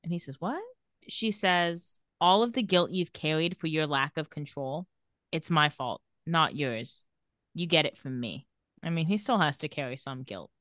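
A woman's voice: low voice, lively intonation, moderate pace, fairly bright tone, dry recording, studio quality. A woman casually recapping a TV episode and reading the characters' lines with light sarcasm. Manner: retells scenes and reads quotes with light sarcasm. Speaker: podcast co-host recapping a TV episode.

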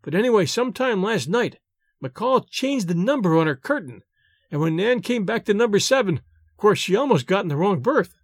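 A man's voice: high-pitched, big pitch swings, moderate pace, no echo, studio quality, full character voice. A man voicing a young wife telling a secret in a gossipy, confiding way.

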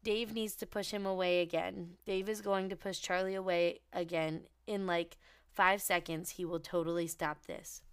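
A woman co-hosting a podcast in casual, excitable book chat, swearing freely and reading passages aloud. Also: on the low side, normal speed, clean tone. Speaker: podcast co-host.

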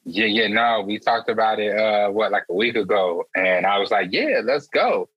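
A man's voice: on the low side, level tone, normal speed, slightly rough, no room sound, muffled recording. A young man chatting as a podcast guest, laughing often and talking in easy slang. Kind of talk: casual podcast chat.

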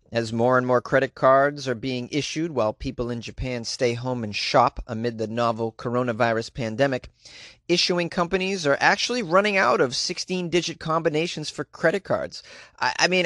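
A man's voice: mid-range voice, fairly quick, a bit bright, no echo, studio quality. A man with a Boston accent, riffing in comedic commentary, rambling and incredulous.

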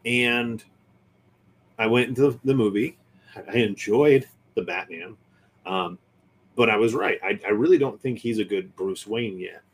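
A man with a low, husky voice hosts a laid-back podcast. He talks in a casual, opinionated way and rants freely about the things he dislikes. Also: measured pace. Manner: opinionated, ranting about nerd movies and shows. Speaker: podcast host.

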